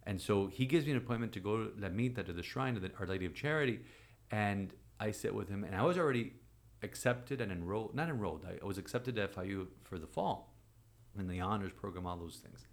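A priest in his forties telling a personal story in conversation, animated and acting out quoted voices. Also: fairly low pitch, fast talker. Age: 40s.

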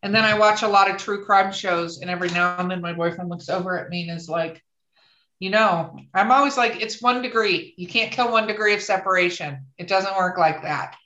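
A woman chatting casually on a podcast with dark humor, laughing often. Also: lowish voice, fairly quick, lo-fi sound. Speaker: podcast guest author. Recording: roomy echo.

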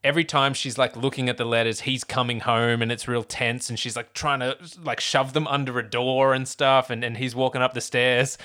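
A man's voice: medium pitch, level tone, brisk, hardly any pauses, pushed and bright. A man co-hosting a casual film discussion, rambling and laughing often.

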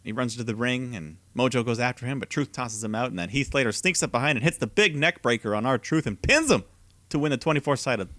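A man's voice: medium pitch, animated, fast talker, a bit bright, dry recording. A man co-hosting a casual podcast, eagerly retelling events play-by-play and laughing often. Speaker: podcast co-host. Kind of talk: casual recap chat.

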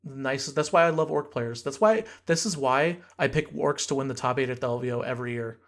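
A man's voice: medium pitch, a little fast. A young man hosting a podcast, telling a story in a rambling, casual way with lots of fillers and restarts. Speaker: podcast host.

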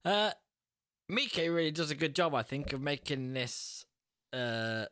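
A man's voice: on the high side, expressive, unhurried, pushed and bright, dry recording, clean studio sound. Laid-back man chatting about a film. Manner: laid-back, laughs often, trails off with "uh". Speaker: podcast co-host. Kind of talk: casual film review chat.

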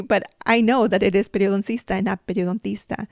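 Woman podcast host, dental hygienist, casual coaching lesson, middle pitch, dry close sound. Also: steady tone, fast, creaky, few pauses, a little mellow, no room sound. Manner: chatty and explanatory, coaching the listener.

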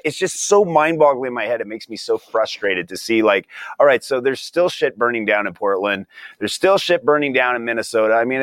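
A man's voice: mid-range voice, no room sound, clean studio sound. A man as a podcast guest, talking in a rambling, exasperated way and laughing often. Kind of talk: casual political chat.

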